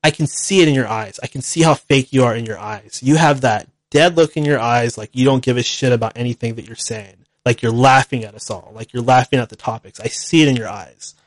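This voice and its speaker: A male talk-show host speaking straight into a studio microphone, voice dry and close with no room around it. His pitch sits in an ordinary middle range. He talks bluntly and repeats himself, moving between earnest apology and heated ranting. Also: fairly quick, few pauses, no echo. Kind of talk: solo call-in show monologue.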